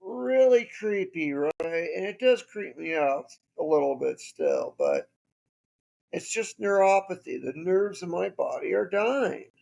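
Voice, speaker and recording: Man podcast host, unhurried gravelly voice, wry casual storytelling. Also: high voice, very animated, darkish tone.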